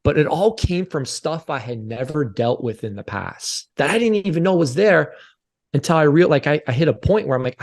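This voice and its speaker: A man's voice: a little high, animated, moderate pace, darkish tone. A man in his forties, a podcast guest, telling a personal story in an earnest, confessional way and often repeating his phrases. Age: 40s. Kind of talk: candid interview storytelling.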